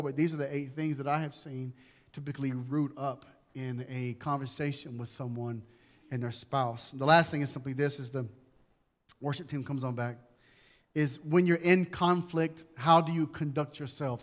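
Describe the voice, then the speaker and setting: A man's voice: a little high, big-room sound. A man pastor preaching a sermon in a church sanctuary, talking conversationally and repeating key phrases.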